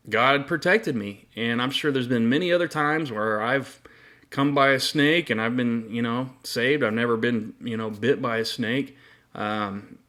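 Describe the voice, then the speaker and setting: A man's voice: mid-range voice, a bit bright. Middle-aged man, casual faith testimony, loose and rambling, everyday mid-range voice. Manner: rambling, many fillers and restarts. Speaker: Christian video host.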